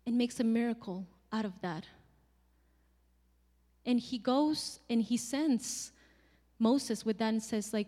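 A woman preaching a sermon in a chatty, lively way, slipping into voices for the quotes she tells. Her voice sits a little high, and it rings out with a long reverb as if in a large hall. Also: a little slow. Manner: conversational, animated, acts out quotes with laughs.

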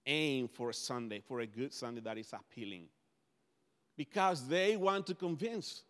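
A man's voice: a little high, a bit bright. A man whose first language is Spanish, preaching a conversational sermon as pastor, often restarting his phrases. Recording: long hall reverb.

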